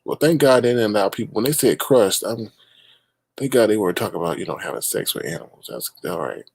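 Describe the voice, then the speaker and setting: A man's voice: lowish voice, animated, fast talker, gravelly, darkish tone, husky. Sassy, scolding male livestream host. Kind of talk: ranting live commentary.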